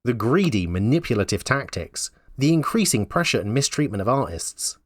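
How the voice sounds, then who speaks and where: A man's voice: medium pitch, very animated, normal speed, no echo, clean studio sound. A man giving blunt, wry opinion commentary in a conversational way. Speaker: YouTube commentator.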